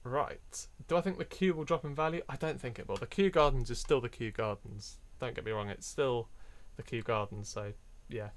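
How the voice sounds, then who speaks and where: A man's voice: medium pitch, moderate pace, few pauses. A man chatting casually on a live stream, reading out items and laughing often. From Europe. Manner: chatty, laughs often, reads out coin names. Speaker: coin hunting streamer.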